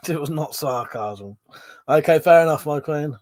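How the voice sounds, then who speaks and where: A man's voice: on the high side, unhurried, a little mellow, dry recording. Chatty man on a livestream. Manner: swears freely, chatty, reads viewer comments aloud. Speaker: livestream host. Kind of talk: casual livestream chat reading comments.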